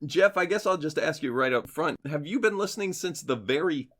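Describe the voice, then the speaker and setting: Male co-host, lively pitch, friendly, laughs a lot, asks questions. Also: a little fast. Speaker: podcast co-host. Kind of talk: casual chat.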